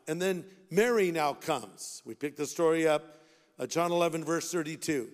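Brief: fervent male pastor, fairly high voice, long hall reverb. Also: normal speed. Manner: impassioned, rhetorical questions, shifts from loud to hushed. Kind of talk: sermon.

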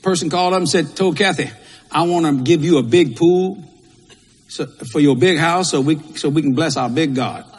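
A man's voice: a little high, normal speed, slightly rough. A male pastor, preaching a sermon in a folksy, repetitive way with Southern turns of phrase. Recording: long hall reverb.

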